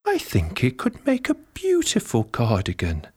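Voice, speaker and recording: A man voicing a kindly, generous old woman in a storybook, with a high fluttery voice. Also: huge pitch swings, unhurried, darkish tone, slightly rough, exaggerated voice. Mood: warm, eager.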